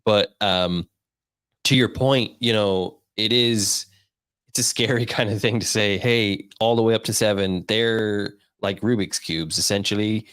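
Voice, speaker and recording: A man's voice: lowish voice, measured pace, a bit bright, clean tone, dry recording. Male interview host, resonant voice, dry sound, loose and rambling with lots of fillers. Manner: rambling with many fillers and laughs. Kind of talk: casual interview talk.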